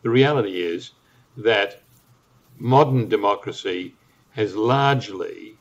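Casting: older Australian man, low voice, thoughtful guest analyst, dull lo-fi sound. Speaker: guest commentator. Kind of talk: interview, measured analysis. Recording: muffled lo-fi audio.

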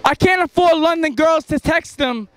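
High-voiced New man freestyling. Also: normal speed, fairly bright tone. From New York. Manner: boastful, rhyming, laughing between bars. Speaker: rapper. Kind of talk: street freestyle rap. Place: street corner at night, outdoors.

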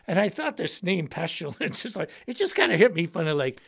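A man hosting a livestream and telling a story in an excitable, slangy way, shouting words for emphasis. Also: high voice, fairly quick, creaky, few pauses, breathy edge. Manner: slangy, says dude and bro. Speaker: host and guitarist.

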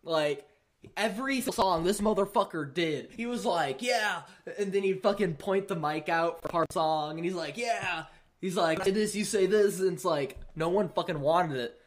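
A casual podcast host spins a rambling, profane story in a middling voice. The delivery is relaxed and irreverent, broken up by easy laughter. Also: mid-range voice, moderate pace.

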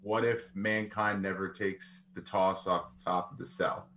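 A man's voice: sits low, level tone, a little slow, fairly bright tone, slight background noise. A man co-hosting a casual podcast, posing questions with dry, teasing asides. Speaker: podcast co-host.

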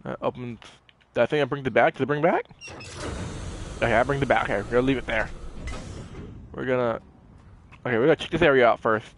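A young man giving animated gameplay commentary, talking to the characters on screen as he plays. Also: mid-range voice, fast talker, pauses often, a little hiss or hum. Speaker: gaming channel host.

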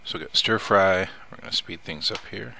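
A man's voice: low voice, normal speed, creaky, sharp tone, a little hiss or hum. A man casually commenting as he plays a survival game, chatty, muttering to himself and swearing when something startles him. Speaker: let's play host.

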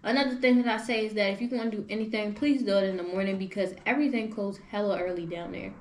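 A young woman hosting a podcast, telling travel stories in animated slang-filled casual chat. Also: mid-range voice, quick pace. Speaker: podcast host. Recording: echoey room with faint noise.

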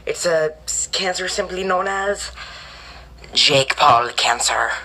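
A man's voice: a little high, expressive, takes it slowly, pushed and bright, heavily acted. A man voicing a goofy male doctor who delivers absurd bad news in a mock-serious, overly dramatic way, in a homemade comedy skit. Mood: mock grave.

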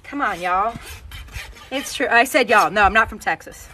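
A woman's voice: mid-range voice, moderate pace, bright, forceful tone, slight background noise, rough recording. A woman from Missouri, a horse trainer talking casually to camera outdoors while trimming her horse's hoof, joking and folksy.

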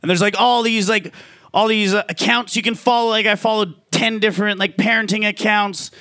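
A man with a very high, bright voice performs stand-up comedy. He talks in a loose, chatty way, sprinkling in "like" and swearing freely. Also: steady tone, brisk. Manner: casual, profane, lots of "like" fillers.

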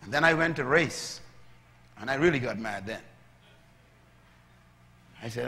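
A man preaching a sermon as a pastor, moving from calm teaching to loud, shouted preaching. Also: medium pitch, moderate pace, long pauses. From Bahamas. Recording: long hall reverb.

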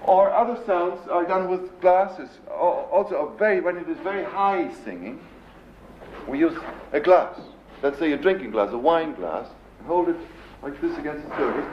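German guy lecturing, lively up-and-down voice, hunts for words, old dull recording with faint hiss. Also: on the high side, normal speed, reverberant. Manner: searching for words, imitating sounds with his voice. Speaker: composer lecturing. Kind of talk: live lecture. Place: lecture hall.

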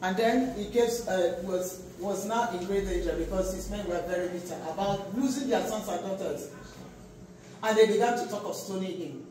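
A pastor preaching a sermon, swinging between loud exhortation and quiet asides. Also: medium pitch, moderate pace, slight background noise. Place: large echoey church hall. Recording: echoey church hall from far off.

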